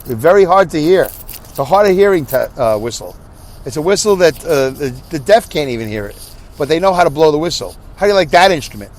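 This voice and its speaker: A man's voice: a little high, brisk. A tired middle-aged man, hosting a podcast and telling a rambling story, acting out both sides of a conversation. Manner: animated, acts out dialogue, rambling and self-interrupting. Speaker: podcast host. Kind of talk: casual storytelling monologue.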